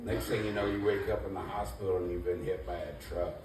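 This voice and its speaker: Low-pitched and quick, this man talks with fairly even intonation. He's trying stand-up for the first time at a comedy club, delivering a loose, rambling, self-mocking routine peppered with "you know." The club room echoes, the mic is distant, and there's plenty of noise.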